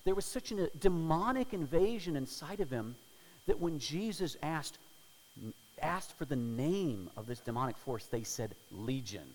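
A male pastor preaching a sermon, swinging between loud dramatic storytelling and hushed prayer. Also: fairly high pitch, lively intonation, unhurried, in a large hall, poor audio.

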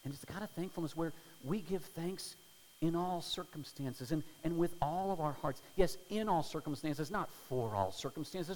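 A male pastor preaching a sermon, swinging between loud dramatic storytelling and hushed prayer. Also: fairly high pitch, moderate pace, in a large hall, a little hiss or hum, low-quality recording.

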